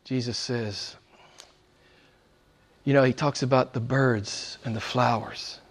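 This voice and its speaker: An older man preaching a sermon, shifting from loud emphatic calls to hushed near-whispers and pressing his listeners with rhetorical questions. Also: mid-range voice, steady tone, slow pace, gravelly. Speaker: pastor.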